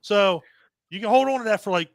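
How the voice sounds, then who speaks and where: A man reviews a movie on a casual podcast, ranting in an animated way and swearing constantly. His voice sits a little high. The sound is dry and close. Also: fairly quick, vocal fry, dry recording. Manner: animated, heavily profane ranting with mocking quoted voices. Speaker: podcast co-host reviewing a film.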